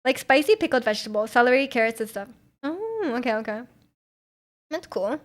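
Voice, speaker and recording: A woman's voice: high voice, big pitch swings, brisk. A young adult woman hosting a livestream, chatting casually and reading out viewer messages, giggling often between filler words. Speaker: livestream host.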